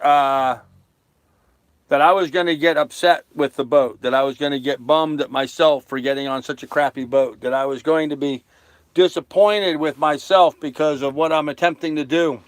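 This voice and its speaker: An older man with a fairly high-pitched voice chats casually with viewers during a live stream from his small sailboat's cabin on a lake. A sailing vlogger, he jokes and laughs at his own jokes, and there's no echo.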